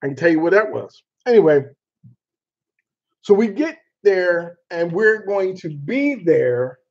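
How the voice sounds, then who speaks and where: A man hosting a casual chat show, telling a story in an animated way with laughter and mild cursing. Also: sits high, a little slow. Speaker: show host. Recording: dull lo-fi sound.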